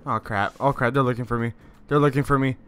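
A young man hosting a gaming video, commenting excitedly, laughing and yelling at what happens in the game. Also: medium pitch, quick pace, smooth.

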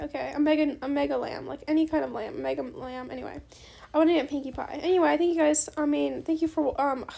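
A young woman chatting bubbly and fast while playing a game, often saying bestie. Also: high-pitched, creaky, darkish tone. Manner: bubbly, fast-talking, says bestie a lot. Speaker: gaming YouTuber. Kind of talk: casual gameplay commentary.

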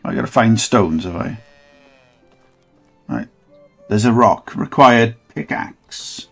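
A man's voice: mid-range voice, takes it slowly, gravelly, long pauses, a bit bright, slightly rough, faint music behind. A man rambling and swearing through a let's play, mocking the game as he goes. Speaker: gaming channel host.

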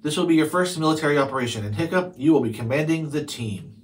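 A man voicing Goober the Belch, a huge, loud male Viking drill instructor who barks commands. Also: fairly high pitch, expressive, fast talker, close to an everyday voice. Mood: bellowing. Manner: bellowing commands.

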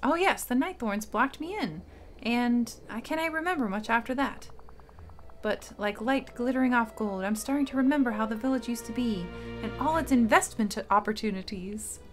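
A woman's voice: fairly high pitch, normal speed, lightly acted. A woman reading aloud the lines of a miserly old male duck shopkeeper in a video game, barely putting on a voice, with faint game music behind. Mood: reminiscing.

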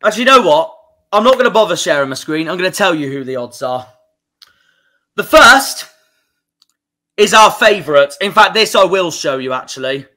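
A young man with a Cornish accent hosts a football fan livestream. He is angry, swears a lot and breaks off mid-sentence. His voice is bright and sharp, and a little high. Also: sing-song, normal speed, long pauses. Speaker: football fan channel host. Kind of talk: emotional livestream reaction.

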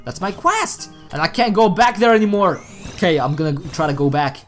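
A woman giving casual let's-play commentary at her computer, excitable and chatty, often chatting to objects in the game. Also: lowish voice, brisk, soft background music. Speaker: gaming channel host.

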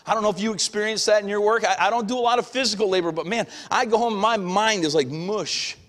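A middle-aged man, preaching as pastor, keeps his sermon down-to-earth and conversational, mimicking ordinary people's voices along the way. He sounds high-pitched and fairly bright and speaks fast. It was captured in a church sanctuary with long hall reverb.

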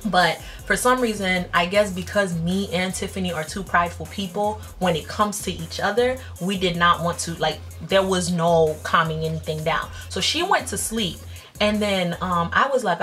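A woman in her twenties telling a personal story in a casual vlog, blunt and slangy, jumping up in pitch when she acts out quotes. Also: moderate pace, faint music behind. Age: 20s. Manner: animated, jumps up in pitch when acting out quotes; slangy, blunt, self-mocking. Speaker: vlogger.

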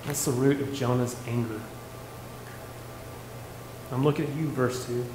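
A man leading a casual Bible study, animated, asking the group rhetorical questions and restarting his sentences. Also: medium pitch, a little slow. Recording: echoey hall, faint room noise.

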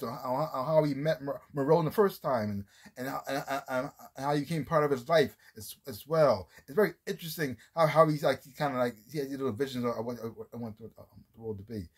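Rambling husky-voiced man reviewing a show. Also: medium pitch. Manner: rambling, many restarts, lively retellings of scenes. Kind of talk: casual spoken review.

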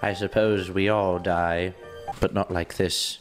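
A man doing a brooding, deep-voiced Muffin Man. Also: flat delivery, music in the background. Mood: mock-solemn. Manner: mock-solemn, slow and brooding. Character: melodramatic male Muffin Man reading his diary aloud.

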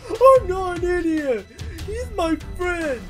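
Someone doing a shrill, wailing Fire Mario plush. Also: normal speed, faint music behind. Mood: sulky. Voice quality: high and shrill when upset. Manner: wails and shouts. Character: whiny crybaby plush Fire Mario, shrieking. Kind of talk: plush toy puppet video.

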